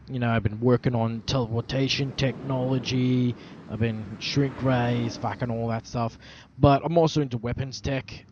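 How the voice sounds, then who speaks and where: A man speaking in a put-on Australian accent in an in-character roleplay monologue. He brags, swears constantly and keeps saying slang like "mate". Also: mid-range voice. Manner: boastful, swears constantly, lots of Aussie slang. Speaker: roleplaying vlogger. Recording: dull lo-fi outdoor recording with traffic noise.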